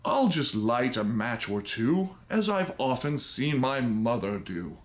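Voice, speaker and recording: A man's voice: medium pitch, big pitch swings, slow pace. A man reading the rhymed lines of a careless little girl delighted by fire, in a gleeful sing-song way.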